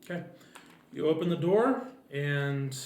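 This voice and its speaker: A man running a tabletop game as game master, brisk and prompting the players. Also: on the high side, expressive, darkish tone, a little hiss or hum. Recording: echoey room recording.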